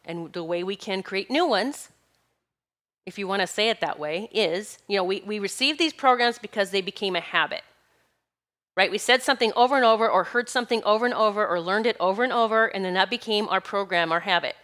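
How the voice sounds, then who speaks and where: A woman's voice: medium pitch, a little fast, fairly bright tone. A middle-aged woman giving an earnest, encouraging spiritual talk with emphatic, repeated phrases. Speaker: spiritual teacher.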